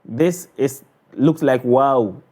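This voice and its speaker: A man teaching a recitation lesson, patiently repeating sounds slowly to demonstrate and checking in with "all right?". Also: mid-range voice, darkish tone. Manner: frequent "all right?" check-ins and restarts. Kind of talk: explanatory lesson.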